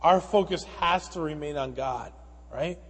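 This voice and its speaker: A man with a high voice preaching in a church sanctuary, where his words ring with long reverb. He reads scripture with building emphasis and then breaks it down in plain, conversational terms. This is a pastor delivering a sermon from the pulpit. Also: measured pace, a bit bright, husky.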